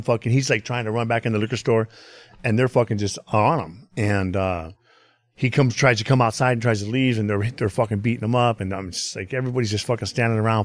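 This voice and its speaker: Low-voiced man telling a rambling street story. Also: no room sound. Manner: profane, rambling, full of "you know what I mean". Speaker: podcast guest. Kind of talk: casual storytelling chat. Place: podcast studio.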